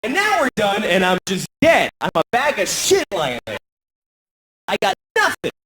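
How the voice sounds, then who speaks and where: A man's voice: wildly swooping pitch, normal speed, bright, forceful tone, slight background noise. An American man doing a crude, self-deprecating stand-up comedy routine, acting out voices. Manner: crude, self-deprecating, acts out voices with big pitch swings.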